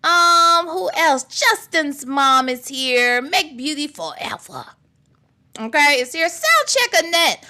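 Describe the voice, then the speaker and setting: A woman's voice: high voice, very animated, takes it slowly, bright, forceful tone. A middle-aged woman hosting a casual livestream, greeting viewers by name and reading their comments aloud in a chatty, playful way. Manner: chatty and playful, laughs freely. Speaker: livestream host.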